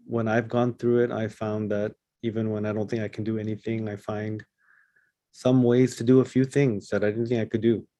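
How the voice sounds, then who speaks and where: A man leading a casual Bible study discussion, talking in a halting way with many fillers and restarts. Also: fairly low pitch, flat delivery, mellow, no echo.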